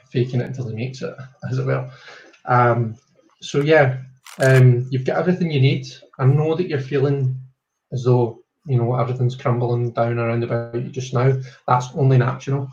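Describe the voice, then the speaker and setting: A man's voice: medium pitch, a little mellow. A man with a Scottish accent giving a casual tarot reading, hesitant with many fillers and reassuring. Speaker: tarot reader on a live stream. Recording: roomy, dull lo-fi call audio.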